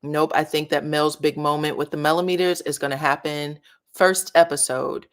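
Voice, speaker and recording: A woman's voice: sits low, level tone, normal speed. A woman hosting a casual reality-show commentary, chatting and reading viewer comments aloud. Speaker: commentary channel host.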